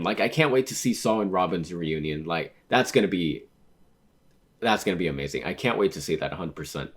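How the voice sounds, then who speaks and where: Deep-voiced man reacting excitedly. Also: fairly quick. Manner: excitable, stammering when surprised. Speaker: manga reaction vlogger. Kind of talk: reading a manga aloud and reacting.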